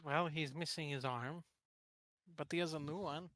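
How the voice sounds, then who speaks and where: A man's voice: fairly high pitch, fairly even intonation, normal speed, a bit bright. A man playing his character in a tabletop game, casual and chatty, often restarting sentences. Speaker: player.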